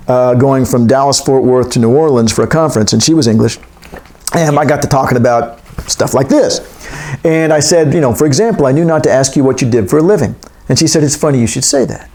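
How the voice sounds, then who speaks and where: A man's voice: medium pitch, a little mellow. A man giving a classroom lecture, reading from a text and wandering into joking asides.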